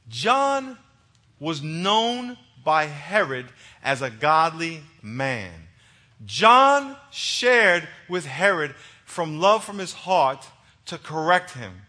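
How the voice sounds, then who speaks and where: Brief: male pastor, high-pitched, sermon delivered with plain-spoken passion and humor. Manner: impassioned, swinging between hushed and loud emphatic delivery.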